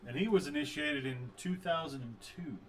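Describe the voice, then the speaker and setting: Podcast co-host, man, lively pitch, faint background hiss. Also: moderate pace, creaky. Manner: chimes in with short agreements and questions. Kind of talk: casual chat.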